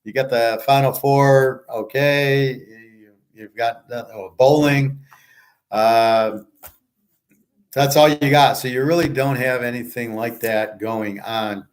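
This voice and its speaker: Speaking slowly in a steady, mid-range voice, this handicapper hosting a show launches into a profane, casual rant. He scoffs, rambles, and keeps starting his sentences over.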